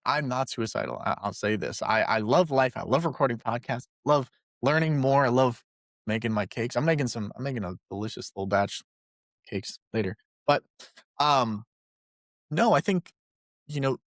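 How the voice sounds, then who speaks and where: A man in mid pitch chats loosely on a podcast, playful and upbeat, dropping into squeaky put-on voices for a joke. He sits close to the mic in a dry, dead room. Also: dry recording. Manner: chatty, playful, jokes in silly high voices. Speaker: podcast co-host. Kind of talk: casual podcast chat.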